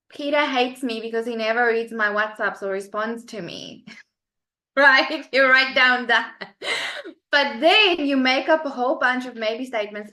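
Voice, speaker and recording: A woman chatting enthusiastically on a group video call, bubbly and quick to laugh, with lots of "like". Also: a little high, bright, forceful tone. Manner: enthusiastic, bubbly, laughs often, says "like" a lot. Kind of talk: lively casual chat.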